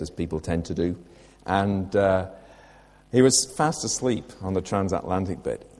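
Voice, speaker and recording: A man's voice: low-pitched, a little mellow, long reverb tail. An older man preaching a sermon in church, earnest, putting direct questions to the listeners.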